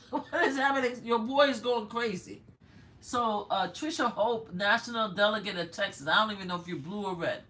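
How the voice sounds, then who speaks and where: An older woman from Brooklyn with a New York accent, hosting a casual livestream where she reads texts aloud and reacts loudly with swearing and laughter. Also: medium pitch, normal speed. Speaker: livestream host.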